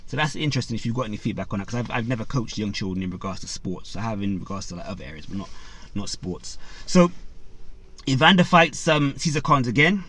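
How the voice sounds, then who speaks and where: On the low side and fairly bright in tone, a man's expressive voice races along as he hosts a boxing channel. He retells a story casually with lots of fillers, acting out quotes and turning to speak to viewers.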